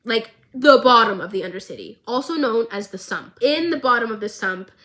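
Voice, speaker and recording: A young woman vlogger giving a casual, animated recap of a show, with lots of filler words. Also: a little high, a little fast. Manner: animated, chatty, filler-heavy.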